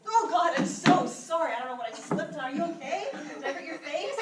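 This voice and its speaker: A woman's voice: sits high, expressive, fast talker, very noisy. A woman performing in a student improv scene, playful with flustered apologies and mock indignation. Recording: echoey stage, far mic, audience.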